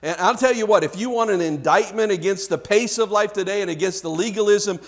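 Man, pastor, sermon, high voice, conversational, frequent restarts, addresses congregation. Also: a little fast. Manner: speaks directly to the congregation.

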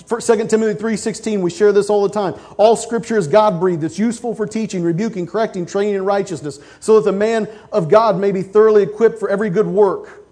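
A male pastor preaching a sermon, with casual stories and sudden loud, emphatic outbursts. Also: sits high, steady tone, quick pace, hardly any pauses.

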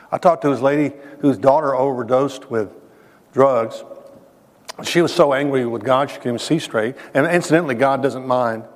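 Earnest man preaching in a reverberant hall. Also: mid-range voice. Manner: earnest, emphatic, direct address to listeners. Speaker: speaker. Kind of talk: sermon-style testimony.

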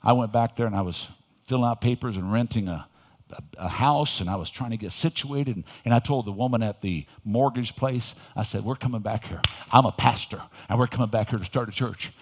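Older male pastor, folksy sermon, loud emphatic bursts, long hall reverb. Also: medium pitch, brisk. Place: church sanctuary.

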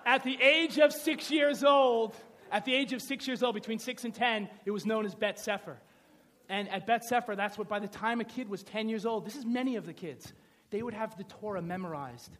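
High-voiced animated male preacher. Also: normal speed. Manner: animated, conversational, joking, asks the audience "right?". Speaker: pastor. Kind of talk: sermon.

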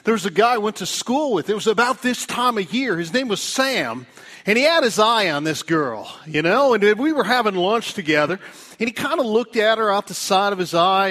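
High-voiced preacher with a lively delivery. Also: male voice. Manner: storytelling with big pitch swings, dropping low and soft for emphasis. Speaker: pastor. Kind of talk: sermon. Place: church.

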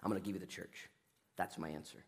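A pastor with a deep, steady, creaky voice and a breathy edge gives a casual, conversational sermon. He speaks fast, chuckles at his own jokes, and shifts between forceful loud moments and hushed asides.

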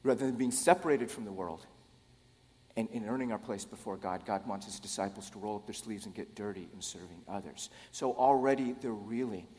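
A man's voice: lowish voice, a little fast, warm tone. A man preaching a sermon in a casual, conversational way, with joking asides to the congregation. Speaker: pastor. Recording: long hall reverb.

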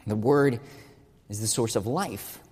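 A man's voice: mid-range voice, measured pace, darkish tone, breathy edge, big-room sound. A man giving an earnest teaching sermon, stressing key words and asking rhetorical questions. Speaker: preacher.

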